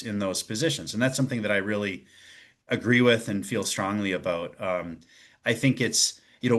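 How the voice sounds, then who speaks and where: Man, lowish voice, halting interview guest. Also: fairly bright tone. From northern Minnesota. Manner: halting, restarts often while searching for words. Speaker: guest, local politician. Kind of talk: casual interview talk.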